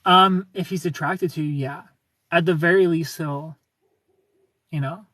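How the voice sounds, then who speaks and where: A man's voice: a little high, steady tone, unhurried, bright, forceful tone, dry recording, distant mic. A British man speaking in a put-on American accent, chatting casually on a livestream and reading viewer comments aloud. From Britain. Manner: chatty, reads comments aloud, laughs often. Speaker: livestream host answering chat.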